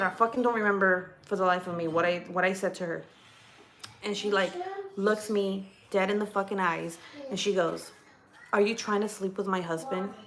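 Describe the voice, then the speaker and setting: Profane, rambling woman gossiping. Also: medium pitch. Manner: profane, rambling, animated storytelling; swears often, restarts sentences. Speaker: vlogger. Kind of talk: casual storytime gossip while unboxing. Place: home.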